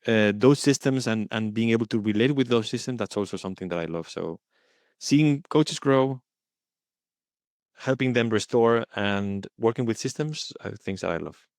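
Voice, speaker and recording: A man speaking as the guest in an interview, earnest and thoughtful, often pausing to search for his words. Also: on the low side, a little mellow, no room sound, studio quality. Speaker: guest coaching supervisor. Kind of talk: reflective interview talk.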